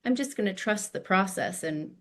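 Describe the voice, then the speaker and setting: A woman's voice: mid-range voice, lively intonation, normal speed. A woman hosting a podcast, speaking reflectively and spiritually while searching for her words. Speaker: podcast host. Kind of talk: reflective conversation.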